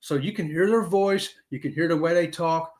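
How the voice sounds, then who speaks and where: A middle-aged man, hosting a casual live-stream chat and talking straight to his viewers. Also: moderate pace. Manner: animated, talks straight to viewers with "y'all", swoops high for emphasis. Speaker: host of a live cruise chat show.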